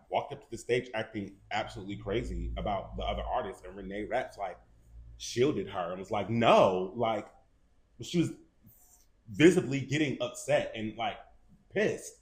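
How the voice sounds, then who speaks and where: Man, low-pitched, animated co-host of a gossip chat. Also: measured pace. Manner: animated, acts out quotes in raised voices. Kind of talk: casual celebrity gossip chat.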